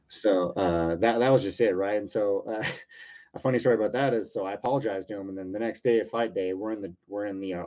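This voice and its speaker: Brief: man in his thirties, low-voiced, rapid, profane storyteller, rambling with fillers. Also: mellow. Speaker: UFC lightweight fighter, interview guest. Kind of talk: casual storytelling interview. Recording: muffled lo-fi audio.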